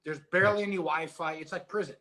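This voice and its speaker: A middle-aged man, a former boxer being interviewed, who tells stories in a casual, animated and emotional way and swears freely. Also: a little high, fast. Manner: emotional, animated storytelling with profanity. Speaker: guest, former heavyweight boxer.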